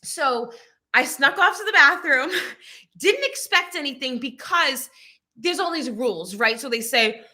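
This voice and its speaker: A young woman with a high, bright voice chats casually on her own channel. She tells a personal story in an animated, storytelling way and reads out viewer comments as she goes. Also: unhurried. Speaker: channel host. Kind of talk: casual chat.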